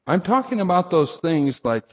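A man's voice: high-pitched, very animated, normal speed, big-room sound, lo-fi sound. A middle-aged man preaching a sermon, speaking earnestly and directly to his congregation and leaning hard on scripture. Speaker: pastor.

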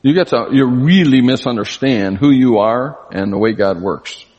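An older man with a husky voice preaching an earnest, conversational sermon, his pitch leaping up for emphasis. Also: expressive, normal speed, a little mellow, dull audio. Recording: long hall reverb.

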